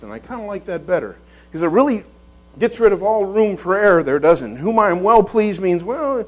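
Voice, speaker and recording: Casting: man with a high voice preaching a homey, conversational church sermon, full of restarts and tag questions. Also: expressive, a little fast, poor audio. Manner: folksy, repeats words, rhetorical tag questions.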